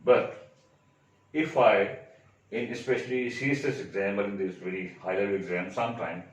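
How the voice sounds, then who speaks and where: A man's voice: fairly low pitch, steady tone, normal speed. A man teaching an English grammar lesson, explaining step by step, repeating examples and checking with "right?". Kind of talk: classroom lecture. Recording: echoey room, mic far off.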